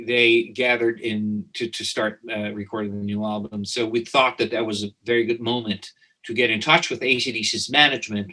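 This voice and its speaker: Man, bright and forceful, animated storyteller in interview, restarts a lot. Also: medium pitch, low-quality recording. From Italy. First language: Italian. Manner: animated, repeats words and restarts often. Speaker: guest, company founder.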